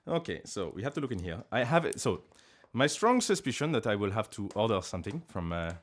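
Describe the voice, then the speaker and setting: A man chatting on a home live stream with a low voice that swings up and down a lot. He rambles and makes fun of himself, now and then yelping loud and high. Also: big pitch swings, brisk, slight background noise. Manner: rambling, self-mocking, with sudden loud high outbursts. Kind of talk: casual live-stream chat. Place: living room at home.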